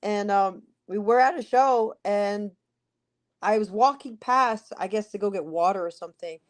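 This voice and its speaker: A woman's voice: medium pitch, moderate pace. A woman from New Jersey, a podcast guest and ring announcer, telling stories in casual interview chat with many restarts. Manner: chatty storyteller with many restarts.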